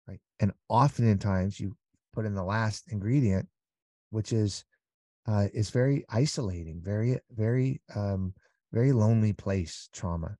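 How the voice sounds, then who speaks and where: A man's voice: lowish voice, measured pace, warm tone, no echo. A middle-aged man speaking candidly as an interview guest, earnest and rambling, sometimes acting out everyday exchanges. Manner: earnest, rambling, acts out little scenes. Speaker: podcast guest. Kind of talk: candid conversational storytelling.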